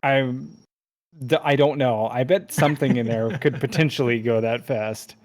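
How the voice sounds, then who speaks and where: A man's voice: mid-range voice, fairly even intonation, moderate pace. A man narrating as game master in a casual, rambling way with many fillers.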